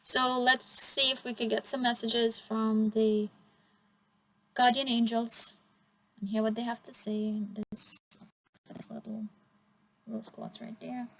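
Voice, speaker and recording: A woman giving a pick-a-card oracle reading, gentle, encouraging and a little rambling. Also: fairly high pitch, level tone, slow, long pauses, slight background noise, poor audio.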